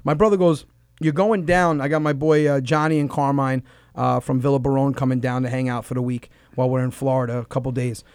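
A man hosting a comedy radio show, telling stories in an animated, excitable way and swearing freely, recorded in a studio. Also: mid-range voice, fairly quick, smooth, no echo. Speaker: comedian host. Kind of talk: animated comic storytelling.

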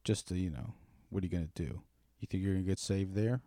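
A man's voice: low-pitched, quick pace, warm tone, no room sound, studio quality. A man in casual chat, rambling and swearing as he spins a darkly comic story.

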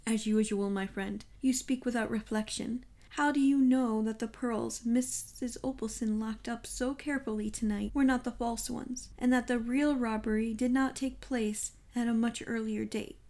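Brief: woman playing an unruffled, fastidious old male sleuth, slightly high, audiobook reading. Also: steady tone, mellow, natural voice. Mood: calm, superior. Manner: precise, lightly sprinkled with French phrases. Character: fussy elderly male Belgian detective, calm, superior.

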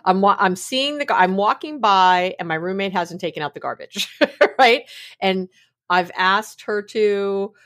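Animated woman telling everyday stories. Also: mid-range voice, unhurried. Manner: animated storytelling with laughs and acted-out quotes. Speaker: guest expert on mindfulness. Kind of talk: casual conversational explanation.

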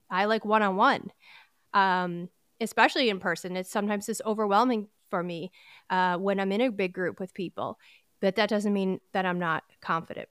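Woman podcast host, earnest and encouraging, smooth voice, dry close mic. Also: medium pitch, a bit bright, no room sound. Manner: earnest, candid, encouraging, with quick restarts. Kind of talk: personal motivational podcast talk.

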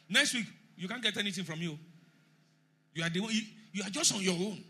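A man preaching a sermon emphatically, rising to shouts and leading the congregation in call and response. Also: high voice, a little fast, breathy edge.

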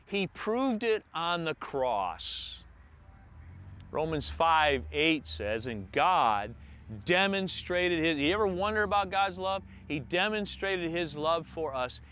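Slow, bright-voiced man preaching. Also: on the high side, lively intonation, a little hiss or hum. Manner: preaching with slow emphatic pauses. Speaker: pastor. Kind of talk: sermon.

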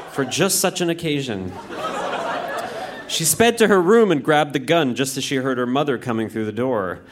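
A man reading his own childhood story aloud to a live audience, in a deadpan, mock-dramatic manner. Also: medium pitch, background noise. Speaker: reader. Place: live show in a music venue.

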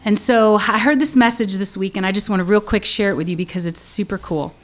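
Woman, podcast co-host, casual faith chat, animated storyteller, mid pitch. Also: brisk. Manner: animated storyteller, leads the discussion with questions.

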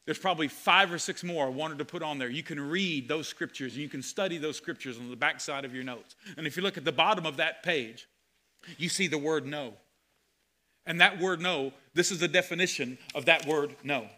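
A man preaching a sermon as pastor, animated, with sudden loud exclamations. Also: a little high, fairly quick.

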